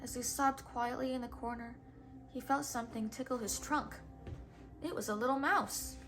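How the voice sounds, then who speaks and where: A woman reading a children's storybook aloud in a gentle, measured way. Her voice sits on the higher side, and soft music plays underneath. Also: steady tone. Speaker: storybook reader.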